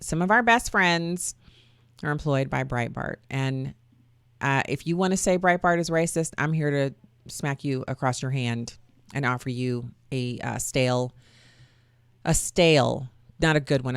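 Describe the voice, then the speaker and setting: A woman's voice: low-pitched, fairly bright tone, clean tone, no echo, studio quality. A middle-aged woman hosting a talk radio show, chatty and sarcastic with folksy asides. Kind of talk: opinionated talk radio monologue.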